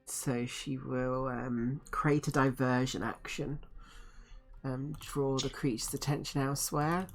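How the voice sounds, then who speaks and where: A woman's voice: very deep voice, steady tone, takes it slowly. A woman playing a tabletop game, thinking aloud hesitantly with lots of fillers. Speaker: player. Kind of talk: tabletop game play, casual chat.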